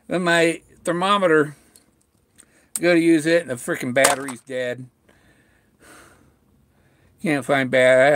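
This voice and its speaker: A middle-aged man chatting on a home livestream, halting and full of restarts, talking with a sore mouth after tooth extractions. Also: medium pitch, no echo. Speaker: vlogger talking to live viewers. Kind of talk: rambling casual livestream chat. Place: at home, indoors.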